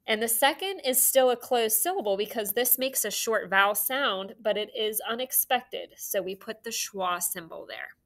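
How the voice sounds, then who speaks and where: A woman teaching a phonics lesson to young children, giving slow, clear, encouraging instructions. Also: a little high, expressive, a bit bright.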